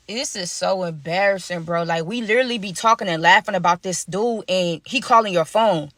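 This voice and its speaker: A woman's voice: mid-range voice, lively intonation, fairly quick, pushed and bright, no room sound. A young woman casually telling a story to her viewers in a chatty, slangy way, speaking to them directly.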